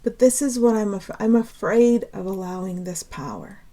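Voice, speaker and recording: An earnest woman giving a spiritual talk off the cuff, her voice sitting at a middle pitch. She sounds emotional, laughs often between phrases, and pleads with her listeners before reining herself in. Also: normal speed. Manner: pleading, then calming herself down.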